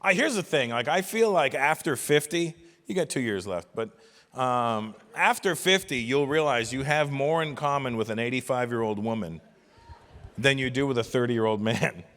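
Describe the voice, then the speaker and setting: A man's voice: mid-range voice, animated, normal speed, a bit bright. A man in his fifties doing stand-up comedy on a stage mic in a large venue, ranting in an exasperated, profane way. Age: 50s. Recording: live hall reverb.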